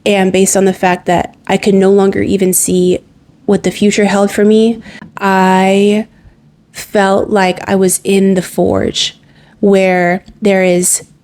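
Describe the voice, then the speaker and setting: A woman's voice: mid-range voice, level tone, slow pace, a little mellow. A young adult woman narrating her own story in a candid, conversational way, often using "like" as a filler.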